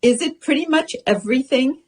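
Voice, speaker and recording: A woman hosting a radio interview, asking her guest questions in a relaxed, chatty way. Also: sits high, fairly quick. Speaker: radio show host. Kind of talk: casual interview.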